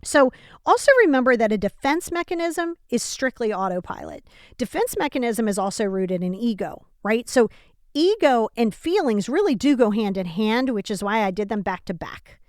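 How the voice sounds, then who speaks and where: A woman hosts a self-help podcast from home, talking in a casual, animated way. She is emphatic and speaks straight to the listener, often asking rhetorical questions. Her voice sits a little high and sounds dry and close. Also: normal speed, no room sound. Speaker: podcast host.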